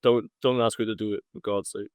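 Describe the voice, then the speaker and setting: A man's voice: lowish voice, flat delivery, brisk, no echo. A man talking as a podcast guest, with short, dry, teasing remarks. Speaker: podcast guest, pro wrestler. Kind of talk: casual chat.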